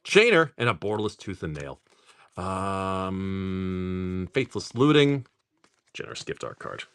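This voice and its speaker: A man's voice: deep voice, big pitch swings, slow pace, a bit bright, clean tone. A middle-aged man hosting a casual live stream. He jokes, laughs often, swears freely and rattles off card names while opening packs.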